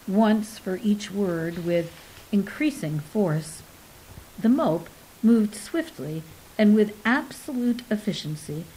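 A woman narrates a novel in a calm, measured reading. She takes her time, letting each sentence land at a slow, unhurried pace. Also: lowish voice, husky, low-quality recording. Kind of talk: audiobook narration.

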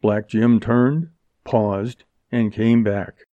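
A man narrating an audiobook in a steady storytelling way. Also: lowish voice, extremely slow, no echo. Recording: dull lo-fi recording.

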